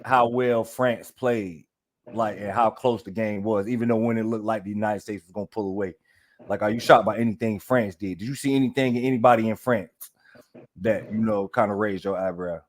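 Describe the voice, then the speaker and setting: Laid-back male podcast host. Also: fairly low pitch. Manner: loose and rambling, talks to listeners directly. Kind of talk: casual podcast chat.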